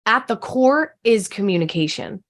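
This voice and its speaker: A woman's voice: mid-range voice, animated, normal speed. A woman guest, a communication coach, talking passionately and emphatically in an interview. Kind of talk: interview conversation.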